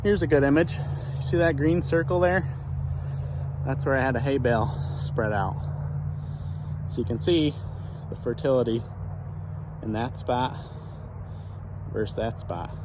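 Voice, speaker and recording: A man of ordinary, mid-range pitch talks casually as he walks his farm pasture outdoors. He thinks aloud and circles back on his own sentences with frequent restarts. Faint outdoor sound sits behind him. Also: unhurried, pauses often, background noise. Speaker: small farmer and channel host. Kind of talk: casual vlog while walking the pasture.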